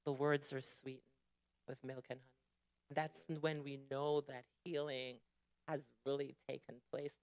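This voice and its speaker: A woman's voice: a bass voice, level tone, measured pace, a little mellow, dry recording. A woman speaking earnestly to a church gathering, emphatic as she exhorts them toward healing. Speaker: church member.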